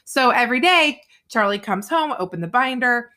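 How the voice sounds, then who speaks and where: A woman's voice: fairly high pitch, animated, moderate pace, bright, forceful tone. A woman in her thirties, co-hosting a casual chat and rambling along with lots of fillers. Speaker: podcast co-host.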